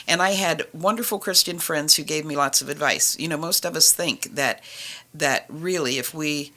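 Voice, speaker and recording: A woman's voice: low voice, normal speed, pushed and bright. A middle-aged woman telling her personal faith story on a Christian radio talk show, earnest and vivid, acting out the conversations she recalls.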